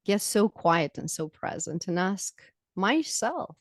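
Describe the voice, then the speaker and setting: Woman on a podcast, expressive and emphatic, lowish voice, really dry close sound. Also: normal speed, few pauses, dry recording. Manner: expressive, emphatic, laughs easily. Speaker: podcast guest, spiritual teacher. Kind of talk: casual podcast conversation.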